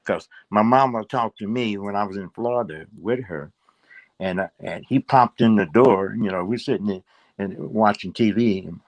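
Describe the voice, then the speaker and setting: A man's voice: lowish voice, moderate pace, dry recording. An older man, a guest in a casual interview, rambling and repeating words with plenty of fillers.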